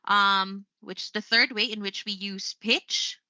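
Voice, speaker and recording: A woman's voice: mid-range voice, steady tone, a little slow, pushed and bright, dry recording, lo-fi sound. A Filipino woman hosting a live English lesson, chatty, tagging "right?" onto most of her points. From Philippines.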